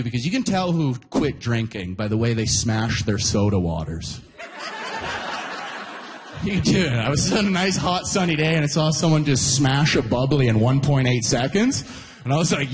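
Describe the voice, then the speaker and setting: A man from Canada performing a stand-up comedy set, telling a story with animated delivery and shouted quoted voices. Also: medium pitch, moderate pace, a little hiss or hum.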